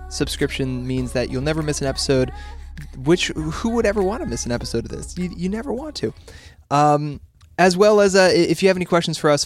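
A man hosting a music podcast, talking quickly and playfully with easy laughs. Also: medium pitch, no echo. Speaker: podcast host. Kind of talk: casual chat.

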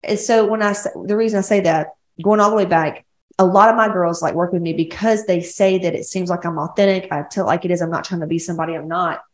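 In an echoey room, a fairly low-pitched woman speaks quickly with fairly even intonation. She's a women's coach from West Georgia with a Southern accent, rambling bluntly and swearing plenty on her own casual solo podcast.

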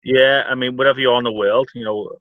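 A man's voice: mid-range voice, steady tone, fast, no echo, phone-quality sound. An Irish man co-hosting a podcast, chatting in a rambling way with dry jokes. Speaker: podcast co-host. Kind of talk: casual football chat.

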